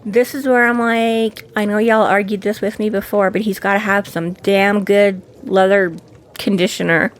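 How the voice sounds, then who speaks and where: A woman's voice: medium pitch, fairly even intonation, normal speed. A woman co-hosting a casual book podcast, rambling with lots of fillers and acted-out quotes. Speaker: podcast co-host. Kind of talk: casual book discussion chat.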